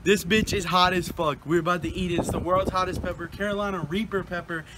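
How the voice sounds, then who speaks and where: A young man vlogging a challenge, swearing and exclaiming excitedly. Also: high voice, quick pace. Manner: profane, excitable, loud exclamations. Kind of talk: casual challenge vlog. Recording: noisy background.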